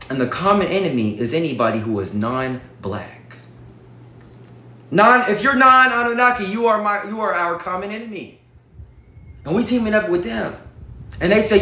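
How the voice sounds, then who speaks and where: A man's voice: high voice, moderate pace, bright, forceful tone, reverberant. A man vlogging to his viewers in a casual, emphatic, preachy way, often calling out to them as y'all. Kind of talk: casual direct-to-camera talk.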